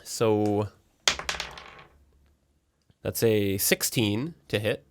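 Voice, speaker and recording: A man's voice: on the low side, very slow, background noise. A man playing a tabletop game with friends, chatty and thinking aloud about his moves. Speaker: player. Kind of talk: casual tabletop game chat.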